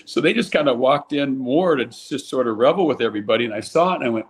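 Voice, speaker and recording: An older man from California, a former baseball player, telling lively stories in a casual interview and acting out the quotes. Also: quick pace, breathy edge. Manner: animated storyteller, acts out quotes with raised pitch.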